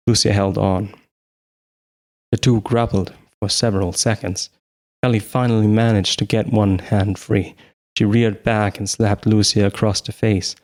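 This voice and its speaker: A man's voice: fairly low pitch, a little mellow. A man narrating a horror story as an amateur audiobook reader, with small slips he corrects. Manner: plain reading with small slips and self-corrections.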